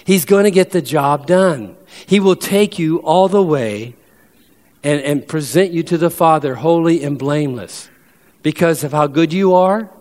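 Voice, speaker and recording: A man delivering a sermon, his voice sitting a little high for a man. He presses his points with emphasis and slows down to read scripture aloud. The sound carries a long reverb, as in a large hall. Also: darkish tone. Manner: emphatic preacher who slows down to read verses. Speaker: pastor.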